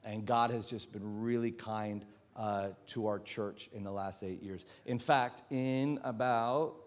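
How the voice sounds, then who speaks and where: A man's voice: on the low side, steady tone, slow pace. A man in his thirties preaching a sermon as a pastor, telling a family story with humor and acting out the voices he quotes.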